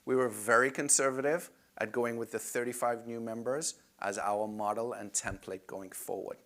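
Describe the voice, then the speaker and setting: A man's voice: medium pitch, fairly even intonation, moderate pace, fairly bright tone. A man presenting club finances to members in a conversational way, often saying "if you will".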